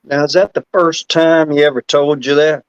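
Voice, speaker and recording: A male host asks short, probing follow-up questions. His voice sits a little high. The audio sounds dull and lo-fi. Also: steady tone, moderate pace, smooth. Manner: brief interjections and probing questions. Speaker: podcast host. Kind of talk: interview questions.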